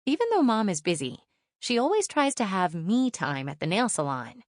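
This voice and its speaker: A woman reading a children's audiobook aloud in first person, lively and expressive storytelling. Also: lowish voice, normal speed, no echo, clean studio sound. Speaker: audiobook narrator.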